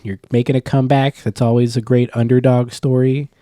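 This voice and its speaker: Young man co-hosting, mellow tone, dry close mic, jokey and laughing. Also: mid-range voice, flat delivery, a little fast, no room sound. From California. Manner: joking, laughs often. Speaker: podcast co-host. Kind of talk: casual chat.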